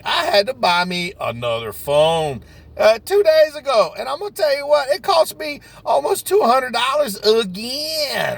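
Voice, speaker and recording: A man with a Southern US accent telling stories from his sales work in a folksy, animated way. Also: high voice, creaky. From Southern United States. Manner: folksy, animated, dialect grammar like "ain't nobody". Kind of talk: casual storytelling vlog.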